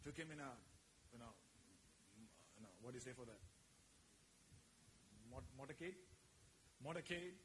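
A man preaches to his congregation, his voice climbing loud on key phrases and dropping low between them. His voice sits a little high for a man, with faint room ambience behind him. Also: slight background noise, low-quality recording. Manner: preaching, often swelling loud, calling for amens. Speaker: pastor. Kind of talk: sermon.

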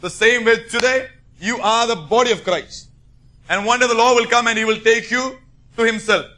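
Guy preaching, high voice, gets loud and forceful in bursts. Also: fairly even intonation, moderate pace. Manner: emphatic, rising to forceful bursts. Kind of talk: sermon.

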